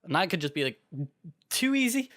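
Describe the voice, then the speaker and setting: A man's voice: high-pitched, big pitch swings, fairly quick, fairly bright tone. Easygoing man chatting on a podcast. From United Kingdom. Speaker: podcast co-host. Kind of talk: casual chat.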